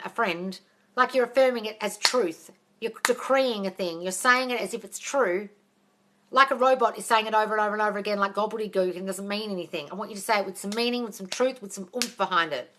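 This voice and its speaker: A woman's voice: medium pitch, fast, fairly bright tone. A woman hosting a casual live question-and-answer session as a manifesting coach, blunt and profane, calling listeners darling. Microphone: phone.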